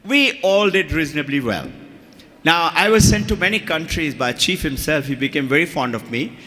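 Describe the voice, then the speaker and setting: A man's voice: on the high side, lively intonation, moderate pace, bright, forceful tone. Older Indian man telling stories in a hall. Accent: Indian English. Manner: storytelling, acts out quoted voices. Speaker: school head addressing parents. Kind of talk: anecdotal speech to an audience. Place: school hall. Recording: reverberant hall.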